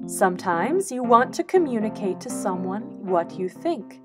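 A woman reading a children's book aloud in an expressive way, acting out the quoted lines. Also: mid-range voice, moderate pace. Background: instrumental music.

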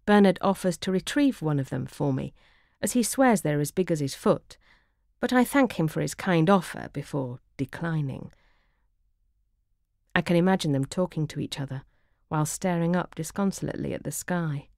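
A woman reading her travel memoir aloud as narrator, dry and wry in a measured way. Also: low-pitched, animated, creaky, a little mellow, no echo.

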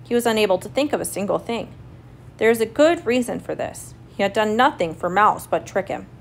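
A woman reading a children's story aloud in a clear, expressive, steady way. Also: medium pitch, a little fast, slight background noise. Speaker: story reader.

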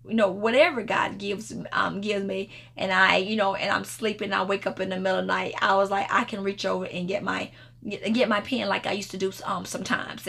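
A woman's voice: medium pitch, gravelly, fairly bright tone, husky. A woman minister speaking informally in a devotional prayer video, telling a rambling story with many restarts and bursts of laughter.

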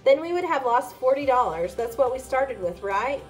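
A woman voices an earnest young boy in a high-pitched voice with lively intonation. She speaks at a normal speed, and faint music plays behind her.

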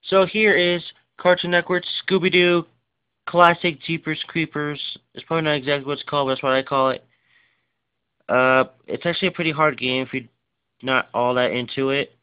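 This game collection vlogger sounds tired, and his smooth, resonant voice sits on the high side with a steady tone. He rambles through an unscripted show-and-tell, hurrying and leaning heavily on fillers and side comments as he presents his stuff. The sound quality is dull and lo-fi.

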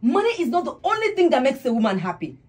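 A bossy young wife who feels neglected by her husband, as a young woman acts her out. Her high, swooping voice scolds and commands, sliding into bitter complaint. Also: very animated, fast talker, darkish tone. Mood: aggrieved. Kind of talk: web skit acting.

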